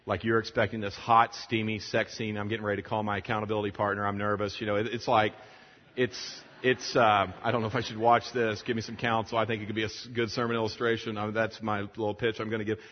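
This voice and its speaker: Before a room of pastors, a man with a fairly low voice preaches fast, telling a story animatedly and acting out its characters' dialogue. The recording is dull and lo-fi, with long reverb trailing through a large hall.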